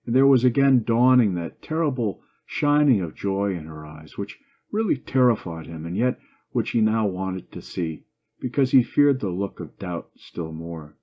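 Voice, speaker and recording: A man reading a short story aloud in a steady, measured way, slowing down for quoted lines. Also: fairly low pitch. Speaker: narrator. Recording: dull lo-fi recording.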